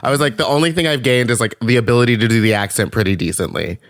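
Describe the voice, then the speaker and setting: A podcast guest in casual chat, expressive and quick to laugh. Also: medium pitch, no room sound, studio quality.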